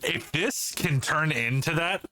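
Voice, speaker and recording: Podcast host guy, bright punchy voice, laughs a lot, swears casually. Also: fairly high pitch, unhurried. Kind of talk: casual chat.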